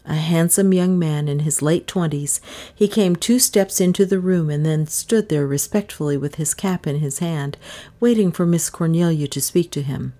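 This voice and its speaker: Low-pitched woman reading a story. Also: moderate pace, warm tone. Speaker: narrator. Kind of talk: audiobook narration.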